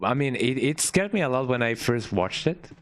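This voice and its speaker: Male streamer, casual chatty play-by-play, animated rising and falling pitch, habitual "eh?" tag and restarts. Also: normal speed. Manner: rambling, frequent "eh?" tag and restarts. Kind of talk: casual gameplay commentary.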